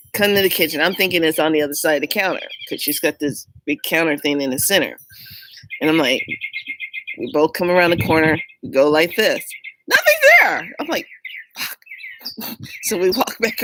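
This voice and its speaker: Casual vlogger woman, lower-pitched voice, lively storyteller, faint birdsong behind. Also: normal speed, pauses often, slight background noise, rough recording. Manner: animated, laughing often, acts out quotes.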